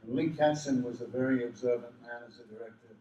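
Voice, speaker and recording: Casting: older Australian man, animated raconteur, roomy hall, mic set back from him. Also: medium pitch, fast, distant mic, muffled recording, a little hiss or hum. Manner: animated, does voices of people in his stories. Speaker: convention panel guest. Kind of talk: storytelling anecdotes to a live audience. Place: convention hall.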